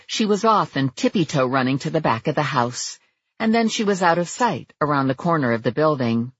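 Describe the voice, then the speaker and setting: A woman narrating a first-person audiobook in a lively, expressive way. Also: deep voice, fairly quick, breathy edge, dry recording, dull audio.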